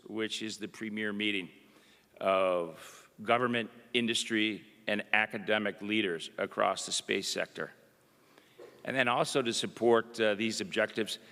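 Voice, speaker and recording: Middle-aged male official, gravelly, folksy anecdotal speaker, long hall reverb. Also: lowish voice, bright, forceful tone. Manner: folksy, chatty storytelling with frequent "you know" and "uh". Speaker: government undersecretary giving remarks. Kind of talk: public speech with anecdotes. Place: university event hall.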